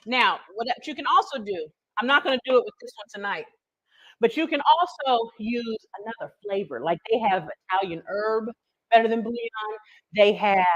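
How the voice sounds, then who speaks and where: Heard through a muffled recording with no echo, a woman at medium pitch runs a live cooking stream. She's chatty and folksy, talking right to her audience with teasing remarks on the side as she demonstrates.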